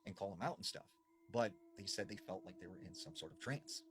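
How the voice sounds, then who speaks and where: A man retelling eerie stories, shifting between animated bursts and hushed, dramatic dips. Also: fairly low pitch, a little fast. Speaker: storyteller.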